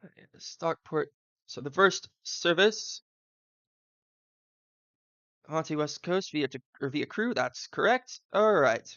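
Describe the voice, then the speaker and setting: A man's voice: on the high side, animated, slow pace, pauses often, fairly bright tone, no room sound, muffled recording. A man from the Southern US, streaming live and thinking aloud, rambling with fillers and side tangents.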